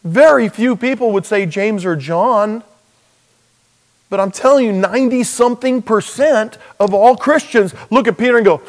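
A man's voice: high voice, moderate pace, in a large hall. A man preaching a sermon in a humorous, conversational storytelling way, acting out quoted dialogue.

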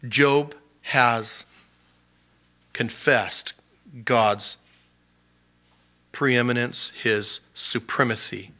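A male pastor with a bright, forceful voice preaches a sermon. He talks in a relaxed, conversational way and laughs often. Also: mid-range voice, very slow, long pauses. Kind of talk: sermon teaching.

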